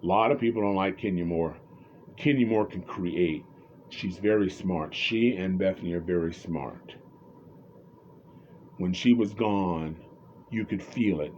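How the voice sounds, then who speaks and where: A man's voice: low-pitched, measured pace, pauses often, a little mellow, highs cut off, a little hiss or hum. A man commenting on reality TV in a casual, rambling, opinionated way, often restarting his sentences.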